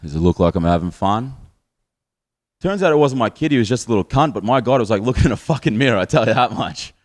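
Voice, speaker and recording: A man's voice: medium pitch, expressive, rapid-fire. A man in his thirties with an Australian accent, performing a crude, rambling stand-up set on a live stage and chuckling at his own jokes. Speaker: stand-up comedian.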